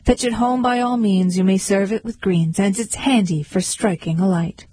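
Woman voicing a timid baker, mournful, pleading, mellow, husky, dry. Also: medium pitch, moderate pace, lightly acted, rough recording. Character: mild, tearful, worried male baker.

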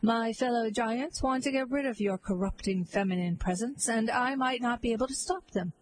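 Woman playing a pompous male chief, stern and preachy, husky tone. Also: on the high side, moderate pace, lightly acted, low-quality recording. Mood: warning. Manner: stern, lecturing. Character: pompous male leader of forest men.

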